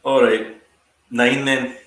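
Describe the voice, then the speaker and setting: A man's voice: medium pitch, flat delivery, slow, fairly bright tone, reverberant, slight background noise. A man chatting casually on a podcast, hesitant and full of ums. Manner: hesitant, lots of ums and agreeing. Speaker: podcast co-host. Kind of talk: casual chat.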